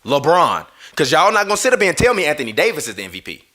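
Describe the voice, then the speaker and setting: A man's voice: fairly high pitch, huge pitch swings, racing, bright, forceful tone. A man hosting a live basketball stream, ranting heatedly with swearing and arguing with viewers, apologizing over audio trouble with his mixer. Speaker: basketball podcast host. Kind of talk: live-stream sports rant. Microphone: streaming through a mixer.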